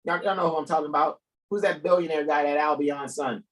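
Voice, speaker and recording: A man hosting a live talk stream, emphatic and profane, often bursting into loud, incredulous questions. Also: a little high, expressive, fast talker, hardly any pauses, poor audio. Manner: profane, keeps asking "right?". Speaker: host. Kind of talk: animated livestream talk.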